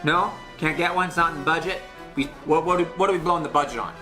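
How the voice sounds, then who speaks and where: A young man hosting a comedy segment, sarcastic and excitable, swinging from loud to soft in a small studio. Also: fairly high pitch, fast, faint music behind. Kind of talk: comedic rant. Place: small studio with blue sheet backdrop.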